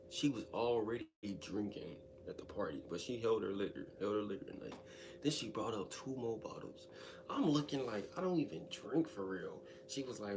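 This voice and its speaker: A man with a fairly low voice tells a personal story in a relaxed storytime style. He talks in loose slang and speaks straight to his listeners. His delivery is animated and conversational. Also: noisy background. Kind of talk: casual storytime monologue.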